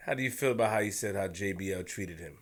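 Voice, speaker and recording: Fast-talking male podcast co-host. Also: low voice. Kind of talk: casual interview chat.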